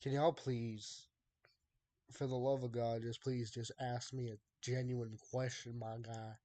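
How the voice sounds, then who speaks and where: A young live-streamer drawls through exasperated, joking banter with his chat, laughing often. He speaks at a measured pace in a mellow, medium-pitched voice with flat delivery.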